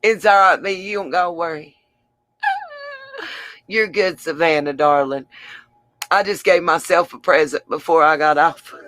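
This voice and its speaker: A woman's voice: low voice, measured pace, long pauses, fairly bright tone, dry recording. A woman hosting a livestream, chatting affectionately with viewers and laughing often, tired after a long stream. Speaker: livestream host. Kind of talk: casual livestream sign-off chat.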